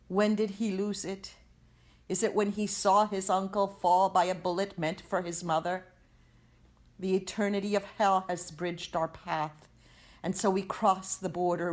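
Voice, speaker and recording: A woman giving a dramatic poetry reading, slow and measured, with emphatic delivery and long pauses. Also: fairly low pitch. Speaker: poetry reader.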